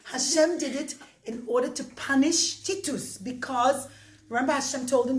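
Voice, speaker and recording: A high-pitched woman narrating a story for children, expressive and lively, stopping often to talk to the kids. Her voice rings in an echoey room with a faint noise behind. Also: a little slow. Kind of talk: animated storytelling.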